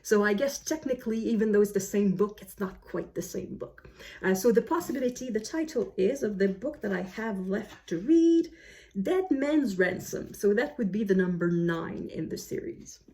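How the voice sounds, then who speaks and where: A woman's voice: medium pitch, expressive, moderate pace, darkish tone. A woman vlogger chatting casually about books she plans to read, full of fillers and self-corrections. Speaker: book vlogger. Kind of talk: casual book chat to camera. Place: home, snowy day outside.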